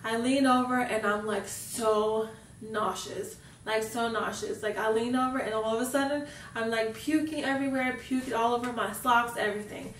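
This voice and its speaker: A woman's voice: a little high, steady tone, moderate pace, distant mic, slight background noise. A young woman vlogger telling a personal story in a casual, chatty way, filling her sentences with "like". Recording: roomy echo, mic set back.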